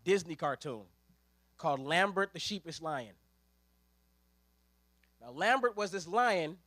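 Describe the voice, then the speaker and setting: High bright-voiced male preacher. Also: no room sound. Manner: lively, conversational preaching with slang and storytelling. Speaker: ministerial intern preaching. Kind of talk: sermon.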